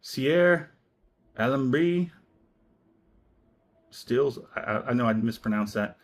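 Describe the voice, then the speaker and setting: A man's voice: medium pitch, expressive, takes it slowly. A man hosting a casual spirits review, talking in a playful, joking and slightly rambling way. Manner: playful, jokey, a little rambling.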